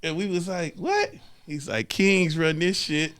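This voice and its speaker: A man co-hosting a casual podcast, telling an animated story and mimicking the people in it. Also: fairly high pitch, moderate pace, clean tone. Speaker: podcast co-host. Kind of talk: casual storytelling among friends.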